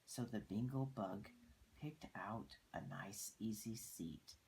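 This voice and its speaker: An older woman reading a picture book aloud to children, pausing to point out the pictures. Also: extremely low pitch, vocal fry, darkish tone, breathy edge, rough recording. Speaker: storyteller.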